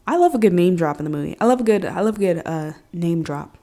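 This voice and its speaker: A woman hosting her own podcast, talking casually and animatedly, full of slang with big jumps in pitch and loudness. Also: lively intonation, fast. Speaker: podcast host. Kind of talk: casual solo podcast talk.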